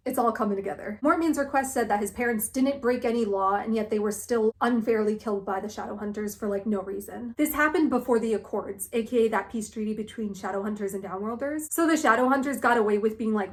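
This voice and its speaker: A young woman giving a casual, joking book recap on her vlog, quoting characters as she goes. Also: on the high side. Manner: animated, jokey, quotes characters with "she's like". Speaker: book vlogger.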